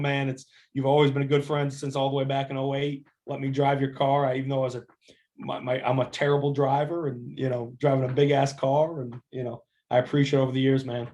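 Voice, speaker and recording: A man in his thirties, an assistant basketball coach, telling stories as a guest in a casual interview, animated and full of restarts. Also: mid-range voice. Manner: animated storyteller, quick restarts, acts out quoted voices.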